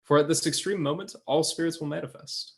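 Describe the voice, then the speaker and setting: A man's voice: a little high, fairly even intonation, brisk, gravelly, voice pushed up. A man doing a theatrical Mid-Atlantic radio announcer voice in the style of 1940s radio acting. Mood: grandiose. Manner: theatrical, declaiming. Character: grandiose old-time radio announcer, adult man.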